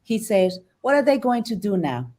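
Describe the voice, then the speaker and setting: A woman's voice: medium pitch, sing-song, normal speed, warm tone. A woman film director as a guest in a casual interview, an encouraging listener.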